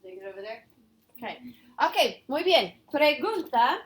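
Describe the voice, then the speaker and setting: A woman's voice: high voice, sing-song, moderate pace. A woman teaching a casual review lesson, explaining step by step and quizzing her students. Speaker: Spanish teacher.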